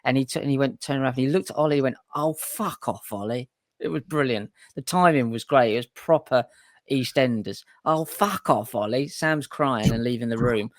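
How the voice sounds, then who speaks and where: A man's voice: medium pitch, a little fast, no echo, studio quality. A man, trading laid-back, sweary banter as a podcast host. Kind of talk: casual chat.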